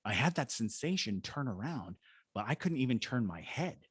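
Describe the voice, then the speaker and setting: A man's voice: mid-range voice, sing-song, normal speed, fairly bright tone, breathy edge, no room sound. A middle-aged man from Georgia in the United States, a paranormal investigator, telling a story in a podcast interview and acting out the voices of the people in it. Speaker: guest, paranormal investigator and ghost tour guide.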